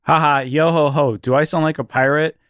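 A man's voice: a little high, steady tone, a little fast, fairly bright tone, no echo, clean studio sound. A man co-hosting a comedy podcast, goofy, reading aloud what he types. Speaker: podcast co-host. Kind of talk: comedic banter.

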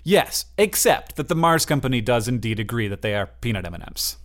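A man co-hosting a podcast in casual chat, explaining points eagerly with lots of fillers and quick asides. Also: mid-range voice. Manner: animated, explaining with many fillers. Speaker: podcast co-host.

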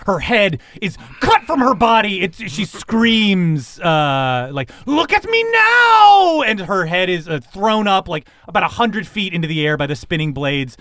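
Animated male game master. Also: sits high, unhurried, few pauses, no room sound. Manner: animated, rambling. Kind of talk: comedic tabletop game narration.

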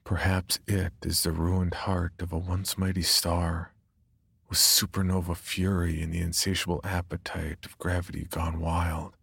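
A man narrating a first-person horror story in a subdued, brooding way, with a husky, gravelly voice. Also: low voice, flat delivery, measured pace, a bit bright, no room sound.

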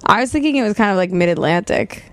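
A woman co-hosting a comedy podcast, chatting casually with short, quick replies. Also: medium pitch, expressive, no room sound. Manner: short quick agreements and frequent laughs. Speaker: podcast co-host.

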